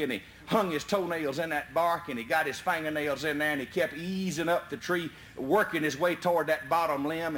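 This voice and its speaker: A man telling a folksy tall tale in an animated, chuckling way. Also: fairly high pitch. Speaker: storyteller. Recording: roomy echo, faint background noise.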